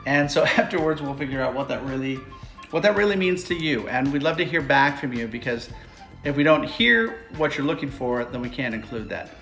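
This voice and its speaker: A man's voice: mid-range voice, expressive, a little fast, a bit bright. Male podcast co-host, rambly and jokey, in an echoey room with faint music behind. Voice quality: rambling, jokey, many "uh" fillers. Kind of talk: casual chat.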